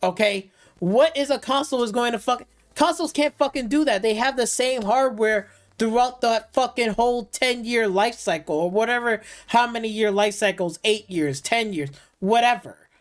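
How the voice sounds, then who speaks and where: Woman streamer going off about games, cussing a ton, slightly high voice, keeps restarting sentences. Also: moderate pace. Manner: heated profane ranting; repeats and restarts phrases. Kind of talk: live stream gaming commentary.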